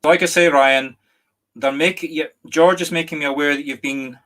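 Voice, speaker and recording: A middle-aged Scottish man, a medium giving a live reading online, speaking gently and apologetically with many restarts and a catch of emotion. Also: fairly high pitch, steady tone, normal speed. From Scotland. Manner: emotional, near tears at times. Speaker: psychic medium.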